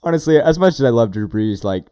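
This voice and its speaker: A man co-hosting a fantasy football podcast in casual, animated chat with friendly slang. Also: medium pitch, fast talker, clean tone, no echo, clean studio sound.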